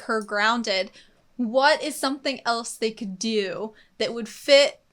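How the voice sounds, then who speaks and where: A woman's voice: fairly high pitch, fairly bright tone. A young woman co-hosting an anime reaction show, talking casually and enthusiastically, thinking aloud with fillers. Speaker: co-host of an anime reaction channel. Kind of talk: casual discussion.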